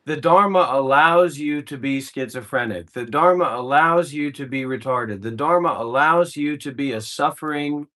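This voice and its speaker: A male meditation teacher with a fairly high voice gives an informal spiritual talk. He speaks bluntly, swears freely and hammers his points home through repetition. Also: a bit bright. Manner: blunt and profane, with emphatic repetition.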